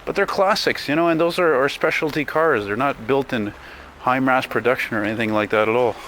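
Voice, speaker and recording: A man's voice: medium pitch, fairly quick, a bit bright. A man, walking city streets and talking casually to his camera, grumbling and swearing as he goes. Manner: profane, grumbling, chatty. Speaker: vlogger. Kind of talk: casual walking vlog commentary. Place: city streets outdoors, windy. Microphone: handheld camera mic while walking. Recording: outdoor street noise and wind. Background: street traffic and wind.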